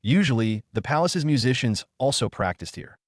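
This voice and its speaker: A man reading a fantasy story aloud in an even, steady narration, lifting his voice slightly for the characters. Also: medium pitch, moderate pace, no echo, clean studio sound.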